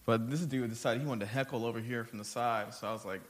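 Swearing, animated male comic telling stories. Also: medium pitch, quick pace. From Texas. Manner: profane storytelling, animated swings in volume. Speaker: stand-up comedian. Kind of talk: casual podcast chat.

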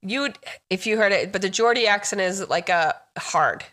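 A woman's voice: medium pitch, moderate pace, fairly bright tone. A woman co-hosting a casual podcast, chatty and enthusiastic, sometimes reading from her notes. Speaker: podcast co-host. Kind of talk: casual chat.

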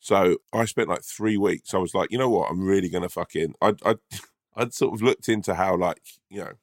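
A man's voice: low-pitched, moderate pace, no echo, clean studio sound. A man, co-hosting a podcast in laid-back casual chat. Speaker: podcast co-host.

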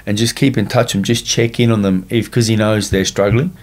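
A middle-aged man with an Australian accent talks on a podcast in a fairly low voice. He is blunt and curses often. He tells his yarns with quoted lines. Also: steady tone, a little fast, a little mellow. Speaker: guest, former boxer. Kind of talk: casual podcast chat.

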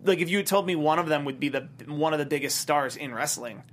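A man's voice: fairly high pitch, fast, a little hiss or hum. A man co-hosting a podcast, casually arguing a point in a thoughtful way. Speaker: podcast co-host.

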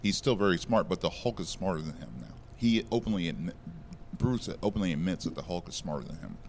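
A man's voice: low-pitched, animated, quick pace, slight background noise. A man co-hosting a podcast, recapping a comic in casual chat with many fillers and restarts. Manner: rambling, filler-heavy recapping. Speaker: podcast co-host.

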